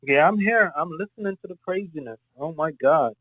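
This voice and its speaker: Caller: man from Florida, blunt, profane raconteur, slightly high voice. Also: lively intonation, fairly quick, a loud crowd, low-quality recording. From Florida, United States. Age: adult, married. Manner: profane, rambling storyteller. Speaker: debate caller. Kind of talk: casual spoken debate.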